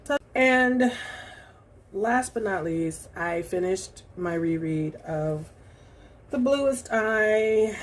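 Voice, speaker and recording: A woman talking through her recent reading in a casual vlog, reflective and halting, with many fillers and restarts. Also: fairly low pitch, a little hiss or hum. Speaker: book vlogger. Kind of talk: casual book review vlog.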